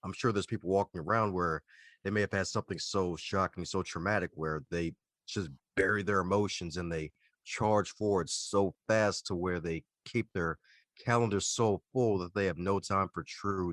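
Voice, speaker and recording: A man with a very low voice hosts a podcast in an excited, slangy way. The sound is dry and close, with no room echo. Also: normal speed. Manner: hyped, slangy and enthusiastic. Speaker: podcast host. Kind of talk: casual interview chat.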